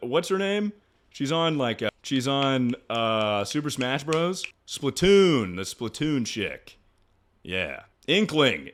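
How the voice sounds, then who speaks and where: A man's voice: mid-range voice, a bit bright. A young man streaming, answering chat questions in crude, joking banter with frequent laughs and trailing restarts. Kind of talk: casual livestream chat.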